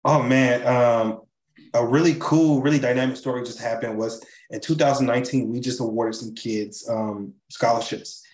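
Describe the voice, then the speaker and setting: Man, enthusiastic, animated, filler-heavy, mid-pitched, roomy video call sound. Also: normal speed. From Chicago. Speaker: charity CEO and co-founder, guest. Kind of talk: remote interview over video call.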